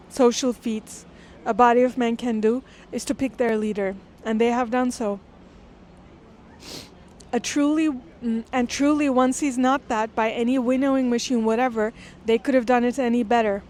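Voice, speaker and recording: A woman with a slightly high voice reads a classic text aloud, stopping often to unpack it. Her delivery is earnest and thoughtful, with a faint hum of noise underneath. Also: fairly even intonation, a little mellow. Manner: earnest, thoughtful, pausing to explain. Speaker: literature lecturer. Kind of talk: reading aloud with close-reading commentary.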